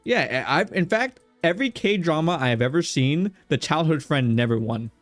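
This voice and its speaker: A man's voice: a little high, expressive, normal speed, dry recording. Guy streamer goofing around with chat, dry close mic, faint music behind. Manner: joking, talks to chat and game characters. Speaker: streamer playing a visual novel. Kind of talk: casual let's-play chat.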